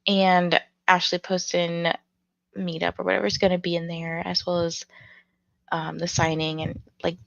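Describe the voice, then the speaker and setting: Woman, stream host, just woken up: low morning voice, rambling chat, dry muffled mic. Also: level tone, moderate pace, gravelly, fairly bright tone, no echo. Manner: rambling, many fillers. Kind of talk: casual livestream chat.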